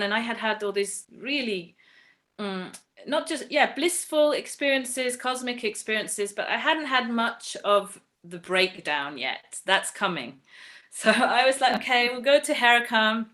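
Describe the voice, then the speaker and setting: A woman's voice: on the high side, unhurried, pushed and bright. A woman from England telling a personal story, chatty and earnest with many fillers, acting out the voices of others as she goes. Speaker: devotee sharing a personal story.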